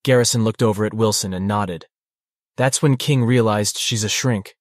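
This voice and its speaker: A man's voice: on the low side, moderate pace, no room sound. A man narrating an audiobook in a dry, wry manner. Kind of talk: scripted narration.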